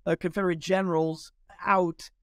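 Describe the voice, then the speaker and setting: Smooth-voiced man telling stories. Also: sits high, moderate pace, no echo, studio quality. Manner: lively anecdotes with quoted dialogue. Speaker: historian. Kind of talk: storytelling in an interview.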